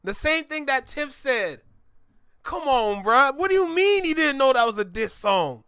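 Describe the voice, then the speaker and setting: A man hosting a reaction video, reacting in animated, joking casual commentary. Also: very high-pitched, measured pace, dry recording, studio quality. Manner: animated, joking, switches between loud and hushed.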